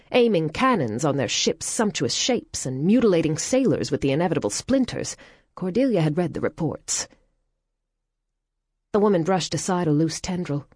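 A woman narrating a novel in a measured, wry storytelling manner. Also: low voice, a little mellow, no echo, studio quality. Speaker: audiobook narrator. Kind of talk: scripted narration.

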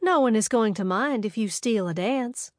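A woman's voice: on the high side, expressive, normal speed, no echo, studio quality, lightly acted. A woman putting on a sugary, flirty barfly. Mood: sugary flirting. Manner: sugary, sultry and pushy.

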